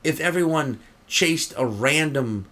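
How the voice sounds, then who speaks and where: A man's voice: a little high, measured pace, a little hiss or hum. A man, a comedian, chatting casually as an interview guest, rambling and swearing freely. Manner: profane, rambling, animated. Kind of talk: casual chat.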